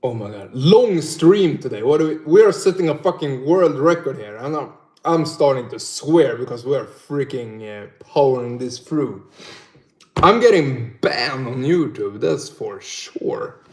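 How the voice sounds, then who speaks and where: A man's voice: medium pitch, lively intonation, measured pace, darkish tone. A young man from northern Sweden with a Swedish accent, chatting casually on a livestream, swearing a lot and laughing often. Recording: roomy echo.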